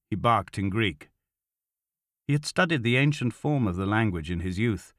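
A man narrating an audiobook in a steady, measured way. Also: lowish voice, no room sound, studio quality. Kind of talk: scripted narration.

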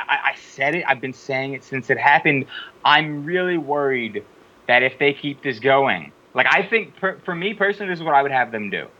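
A man hosting a podcast, chatting in an animated, rambling and opinionated way. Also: mid-range voice, muffled recording. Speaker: podcast host. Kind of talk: casual opinionated chat.

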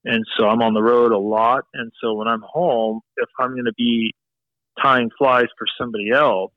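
A man's voice: medium pitch, fairly even intonation, moderate pace, no echo. Rambling man on a dull, lo-fi line. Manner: rambling, leans heavily on "you know". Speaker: podcast guest, fly tyer. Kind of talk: casual interview chat.

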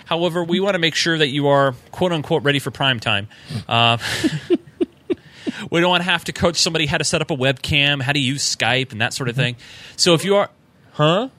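A man's voice: on the high side, brisk, sharp tone. A man co-hosting a casual podcast, reading listener emails aloud with fillers and small chuckles.

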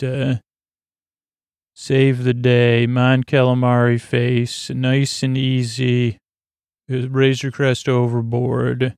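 A man casually recapping a TV episode on his own, rambling and halting with many fillers and restarts. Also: mid-range voice, vocal fry, clean tone, no echo, clean studio sound. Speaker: podcast host recapping a TV episode.

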